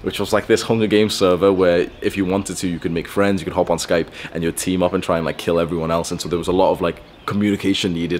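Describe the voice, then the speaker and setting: A man's voice: low-pitched, steady tone, fast talker, few pauses, slight background noise. A young man giving blunt, profane self-improvement advice in a casual, rambling monologue. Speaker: self-improvement video host.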